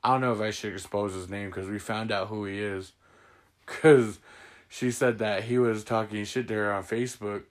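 A man's voice: lowish voice, flat delivery, normal speed. A young man hosting a casual chat with his siblings, rambling through stories and laughing often. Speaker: host.

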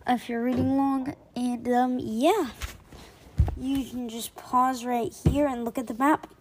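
Woman narrator, kids' book read-aloud podcast; high voice, lively, chatty asides. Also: slow, a little hiss or hum. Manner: lively, with casual asides to listeners. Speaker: podcast storyteller. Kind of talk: reading a children's book aloud.

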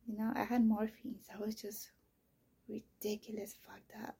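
A woman with a gravelly, husky voice recounts a painful family story in a podcast, her delivery raw and emotional. She jumps from loud, strained outbursts down to hushed, almost whispered lines. Her pitch sits in a middle range for a woman. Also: flat delivery, moderate pace. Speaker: mother telling her story. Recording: voice message.

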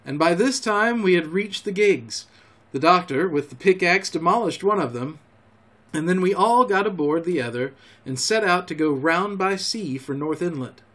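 A man, a podcast storyteller, reading a classic adventure novel aloud in a measured, expressive way. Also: high-pitched.

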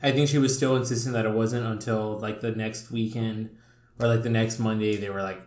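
A man's voice: lowish voice, little pitch movement, a little fast, darkish tone. A young man hosting a podcast, telling stories in a loose, profane way full of fillers. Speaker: podcast host. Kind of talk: casual chat. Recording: roomy echoey room.

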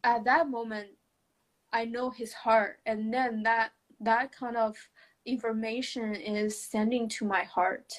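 A woman sharing a personal story in conversation, speaking hesitantly with many restarts, soft laughs and non-native English grammar. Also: on the high side, fairly even intonation, takes it slowly.

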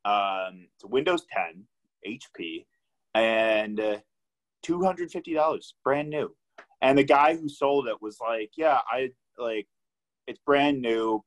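A young man hosts a casual podcast chat, his voice sitting a little low. He talks in a relaxed, rambling way, swears freely and pads his sentences with fillers. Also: measured pace, rough recording. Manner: laid-back, swears a lot, many fillers. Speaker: podcast host.

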